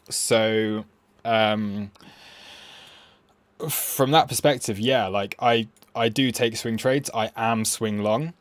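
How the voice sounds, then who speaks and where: A man's voice: on the low side, dry recording. Chatty man hosting a stream. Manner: chatty and self-mocking, with frequent fillers. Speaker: crypto trading live stream host. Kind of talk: casual live-stream commentary.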